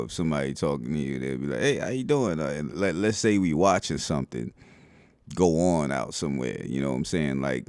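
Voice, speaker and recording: Man, New York accent, very deep, gravelly, middle-aged, casual slangy storytelling, dry sound. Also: dry recording. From the Bronx, New York. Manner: relaxed street slang, keeps saying "you know what I'm saying". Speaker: vlogger.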